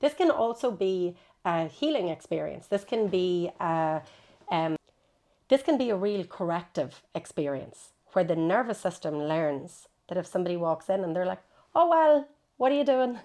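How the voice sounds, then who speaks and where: A woman, a psychotherapist guest explaining ideas in an interview, animated and acting out quoted voices. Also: fairly low pitch, moderate pace.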